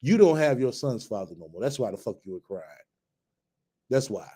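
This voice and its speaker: A man, hosting a reaction commentary and mocking, heckling and cursing loudly at a clip. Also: medium pitch, big pitch swings, moderate pace, breathy edge.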